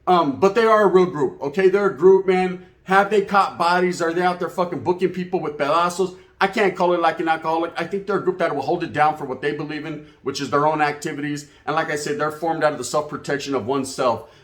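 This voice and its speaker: Guy rattling off a story quick, swearing a lot, kinda high voice. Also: echoey room. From California. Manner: profane, slangy street talk. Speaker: YouTube channel host. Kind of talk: casual storytelling monologue.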